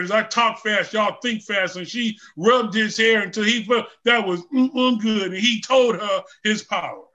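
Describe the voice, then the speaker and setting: High, bright-voiced male preacher shouting. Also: moderate pace, hardly any pauses, lo-fi sound. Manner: call-and-response preaching, rising to shouts. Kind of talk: sermon.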